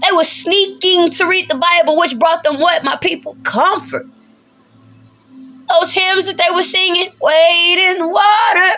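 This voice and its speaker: A woman teaches scripture in an emphatic, preacherly way. Her voice sits high and sounds bright and forceful. She talks colloquially and laughs often between points. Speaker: bible teacher.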